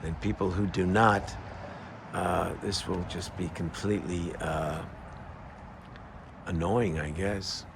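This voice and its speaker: Older man, very low gravelly voice, halting rambling talk, faint hiss. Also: fairly even intonation. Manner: halting, many fillers and restarts. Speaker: vlogger. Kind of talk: casual rambling monologue.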